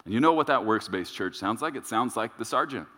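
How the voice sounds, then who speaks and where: A man's voice: lowish voice, lively intonation, bright, forceful tone. Male pastor preaching in a reverberant hall. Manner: emphatic, repetitive preaching with dramatic pauses. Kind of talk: sermon. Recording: reverberant church sanctuary.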